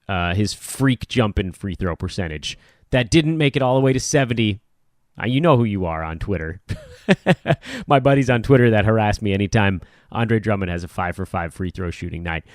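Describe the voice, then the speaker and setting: A man's voice: on the low side, no room sound, studio quality. A middle-aged man hosting a casual sports podcast, rambling and self-deprecating as he chats. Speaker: podcast host.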